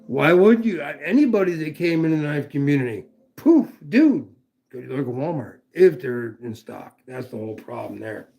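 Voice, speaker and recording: A knife reviewer on a live stream rambles casually, swears freely, and greets viewers by name as he chats with them. His voice is fairly high yet dark in tone, gravelly, expressive, and moderately paced.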